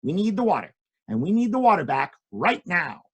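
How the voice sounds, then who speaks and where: A man's voice: sits high, sing-song, brisk, husky, full character voice. A man voicing a serious koala bear in a children's story, speaking firmly. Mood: stern. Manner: serious, firm.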